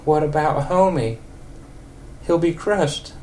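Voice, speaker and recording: A man voicing a fretful woman, putting on a high, old-lady voice that sounds anxious and pleading. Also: lively intonation, slow, darkish tone, slight background noise. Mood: worried.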